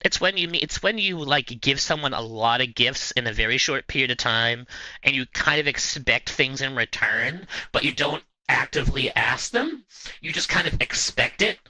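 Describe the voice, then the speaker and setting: A man's voice: mid-range voice, lively intonation, moderate pace, pushed and bright, no room sound. A man hosting a livestream, casually chatting with viewers in a playful, rambling way. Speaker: livestream host. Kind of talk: casual chat answering viewers.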